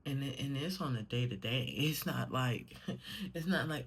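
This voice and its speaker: Woman, young adult, casual personal vlog, unhurried, breathy, fillers and cussing. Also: very deep voice, expressive. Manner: slow, meandering talk with many fillers, swearing when worked up. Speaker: vlogger.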